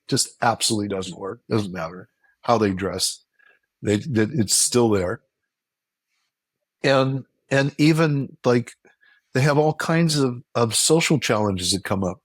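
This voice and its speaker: Animated man explaining in a dry room. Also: no room sound. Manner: animated, acts out quoted reactions with a jump in pitch; explanatory, repeats points for emphasis. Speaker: relationship expert guest. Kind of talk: casual interview conversation.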